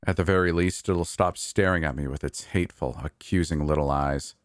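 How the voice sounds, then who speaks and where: A man's voice: very deep voice, brisk, no room sound. A man voicing a guarded middle-aged park manager who speaks dryly and bluntly. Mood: grave. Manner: dry, quiet, blunt.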